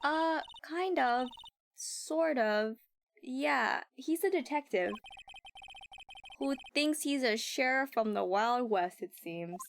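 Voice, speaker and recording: A woman's voice: high-pitched, lively intonation, slow, creaky, full character voice. A woman voicing a young male defense attorney in a game, with dry, skeptical remarks. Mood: wry. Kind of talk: game dialogue read aloud.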